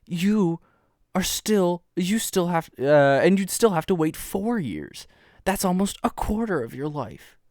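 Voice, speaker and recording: A man's voice: sits high, sing-song, a little slow, a little mellow, dry recording, studio quality, voice pushed up, exaggerated voice. A man voicing a stern male party host in a text adventure, firm and lecturing. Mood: scolding.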